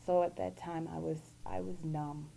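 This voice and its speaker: A woman guest giving an earnest, halting personal testimony. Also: low voice, steady tone, gravelly, mellow, slight background noise, rough recording.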